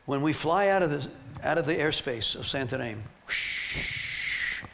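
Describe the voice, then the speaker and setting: A man teaching a ministry team and carrying his points through lively, emphatic stories. His voice sits a little high for a man. A faint background noise runs under his talk. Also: unhurried, vocal fry. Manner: animated, emphatic storytelling with laughs.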